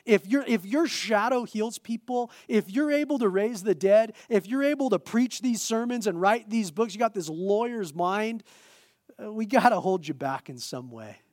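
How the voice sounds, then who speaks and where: God as a firm, knowing father, voiced by a male preacher. His tone is plain and matter-of-fact, slightly high, and recorded dry and close. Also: expressive, normal speed, darkish tone, no echo.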